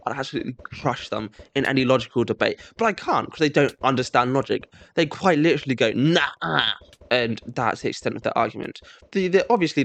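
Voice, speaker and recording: Sarcastic young man ranting. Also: creaky. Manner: sarcastic, mock-self-righteous, mimics kids in shrill squeaky voices. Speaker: comedic storyteller. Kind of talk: comedic monologue.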